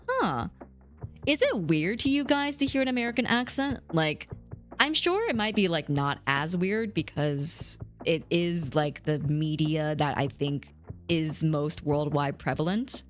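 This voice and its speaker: A woman around thirty streams and chats casually, reading out messages from her viewers. Her voice sits low but swings widely in pitch when she gets animated. Faint music plays under her talk. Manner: reads chat aloud, animated, laughs often. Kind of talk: casual chat with live chat.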